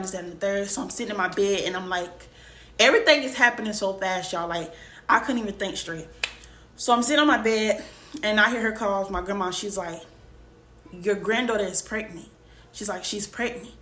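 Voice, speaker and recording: A woman's voice: mid-range voice, sharp tone. A young woman vlogger casually telling a personal story, talking emphatically straight to her viewers. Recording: roomy room, faint background noise.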